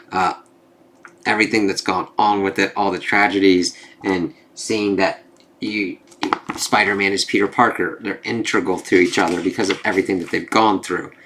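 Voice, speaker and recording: Low-voiced casual young man reviewing comics. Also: a bit bright. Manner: casual, rambling, swears freely, lots of filler words.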